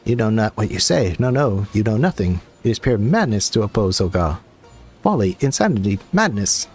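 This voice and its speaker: A man's voice: fairly low pitch, big pitch swings, moderate pace, darkish tone, breathy edge, faint music behind. A man voicing a timid, wailing male kobold who repeats his words in frantic strings of three. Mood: fearful.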